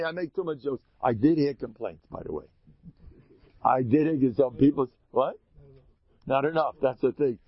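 A man's voice: mid-range voice, moderate pace, dry recording. Male speaker teaching with jokes and questions to the audience; dry, slightly dull recording. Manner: animated storyteller, quizzes listeners, mixes Hebrew and Yiddish terms. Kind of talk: humorous religious lecture.

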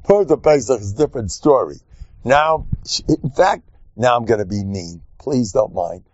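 In an unhurried voice with no echo, a man lectures on Torah as a rabbi, animated and joking, teasing his audience and performing quotes in squeaky voices. The recording sounds dull, dry, and lo-fi.

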